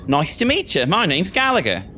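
A man's voice: sits high, huge pitch swings, fairly quick, sharp tone, slight background noise, pitched above the performer's own voice, heavily acted. A man voicing a tall, polite male school prefect with a put-on southern drawl. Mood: courteous.

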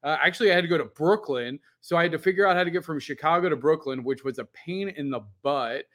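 Male podcast co-host with a slightly raised voice, rambling and animated, swears casually. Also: on the high side, quick pace. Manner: animated, rambling storyteller with lots of "like". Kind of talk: casual chat.

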